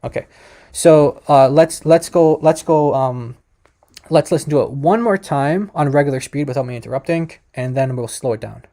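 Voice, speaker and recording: Mellow-voiced man explaining, halting. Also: a little high, faint music behind. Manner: hesitant, many fillers and restarts; addresses viewers directly. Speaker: video host explaining a language. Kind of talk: casual explanatory commentary.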